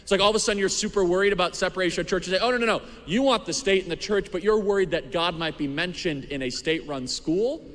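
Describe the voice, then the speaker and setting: A commentator firing off rapid rhetorical questions. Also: male voice, high voice, a bit bright, big-room sound.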